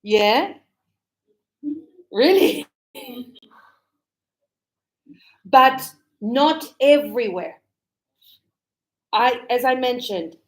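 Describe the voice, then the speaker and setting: Slow, clear woman teaching English. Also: fairly high pitch, low-quality recording. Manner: slow, clear, explaining with acted greetings. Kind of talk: classroom English lesson. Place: Australia.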